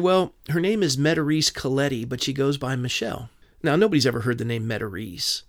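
Man, interview guest, brisk earnest storyteller, dry close mic. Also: mid-range voice, no echo. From Southern California. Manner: earnest storyteller, quotes dialogue. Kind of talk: personal testimony in an interview.

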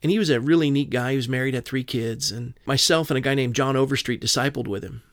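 A Southern Californian man appears as a podcast guest and shares a personal testimony in earnest detail, acting out the dialogue. His mid-range voice is steady and fast, recorded at studio quality with no echo.

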